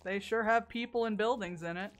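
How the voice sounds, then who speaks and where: A woman's voice: mid-range voice, fairly quick, faint music behind. A young woman from the American South chatting casually with her stream chat while playing a game, laughing often and swearing freely. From Southern United States.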